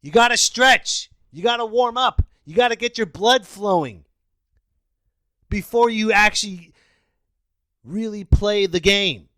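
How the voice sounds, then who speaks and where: Man, podcast host, high voice, incredulous rant, shouted outbursts, dry close sound. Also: measured pace, pauses often, no room sound. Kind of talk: ranting monologue.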